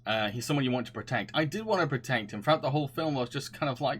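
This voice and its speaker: A man's voice: mid-range voice, expressive, racing, breathy edge. Gushing man laughing through chat. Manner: gushing, laughs often, rambles with restarts. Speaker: streamer. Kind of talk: casual chat, reading chat.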